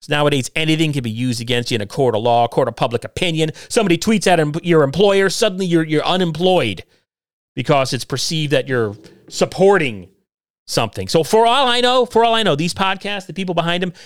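A man's voice: fairly high pitch, fairly quick, dry recording, clean studio sound. A middle-aged man hosting a solo podcast from his basement, talking in a sarcastic, combative and self-deprecating way. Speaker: podcast host. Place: home basement.

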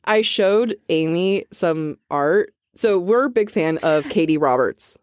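A woman's voice: lowish voice, lively intonation, slow pace, a little mellow, slight background noise. A woman co-hosting a podcast, tipsy, chatting casually and laughing a lot as she rambles. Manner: giggly, laughs often, rambling. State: drunk. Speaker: podcast co-host.

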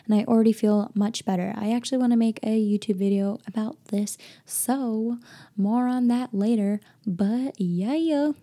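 Mellow-voiced woman hosting a chatty podcast. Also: fairly high pitch, steady tone, normal speed. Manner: chatty, upbeat and personal. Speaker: podcast host. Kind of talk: casual solo podcast chat.

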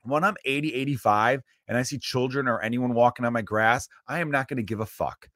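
A man from Chicago in his thirties rants alone on his podcast, swearing freely and turning preachy. His voice sits at an ordinary middle pitch. The sound is close and dry, with no room echo. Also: a little fast. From Chicago area. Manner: profane, preachy and animated. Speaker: podcast host. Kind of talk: solo podcast rant.

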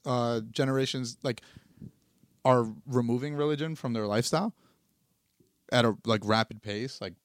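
A man's voice: medium pitch, normal speed, pauses often, no room sound, studio quality. A young man co-hosting a podcast, talking politics in a rambling, profane, repetitive way. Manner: profane, rambling, repeats himself. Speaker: podcast co-host. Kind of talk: casual political chat.

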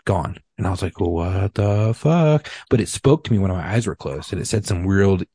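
A lower-voiced middle-aged man with a husky edge, spinning a long, rambling story full of swearing. His voice is close and dry, with no room sound around it. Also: fast, mellow, no room sound. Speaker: podcast co-host. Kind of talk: casual storytelling chat.

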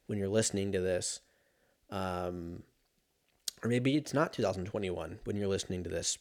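A man's voice: fairly low pitch, a little mellow. Rambling, foul-mouthed podcast guy. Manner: profane, rambling, self-mocking. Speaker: podcast host. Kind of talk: casual solo podcast chat.

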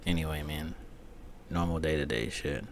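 A man hosting a casual comedic podcast monologue, rambling profanely with frequent fillers and sudden loud outbursts. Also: rumbling low, normal speed, noisy background. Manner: frequent fillers like um and you know. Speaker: podcast host.

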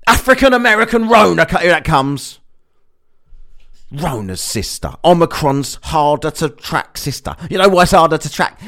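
A man rants straight at his audience, sarcastic and mocking, with swearing scattered all through. His voice sits a bit high for a man and swoops widely up and down as he scoffs. The delivery is a loose, running monologue of complaints. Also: expressive, moderate pace, a bit bright. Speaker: vlogger. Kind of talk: ranting monologue.

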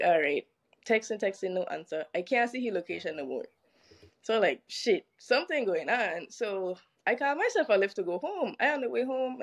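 A woman, telling a story as a guest in casual chat, animated and profane, acting out what others said. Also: medium pitch. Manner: animated, profane, acts out quoted dialogue.

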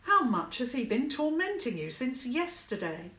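A woman voicing a practical schoolboy who calls out briskly and a little crossly in a storybook reading. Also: sits high, big pitch swings, a bit bright, reverberant, recorded from a distance, voice pushed up. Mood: confused. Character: boy, practical and a bit cross.

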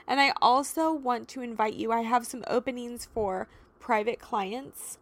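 A woman's voice: on the high side, unhurried. A woman in her thirties hosting a solo podcast, talking in an emotional, earnest, encouraging way with many "you know"s and "like"s. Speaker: podcast host and life coach. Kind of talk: heartfelt solo podcast talk.

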